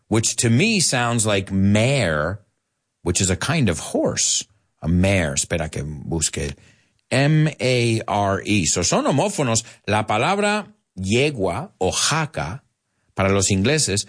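A middle-aged American man leads a live online English lesson. His voice is on the low side and he takes his time, while his pitch swings up and down with animated energy. He chats with viewers and slips into Spanish to explain. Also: unhurried. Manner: animated, chatty, mixes in Spanish asides. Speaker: English teacher.

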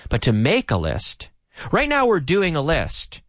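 A man teaching English on a radio show, repeating each sentence slowly for learners in an animated way. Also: on the high side, no room sound, clean studio sound. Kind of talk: radio language lesson.

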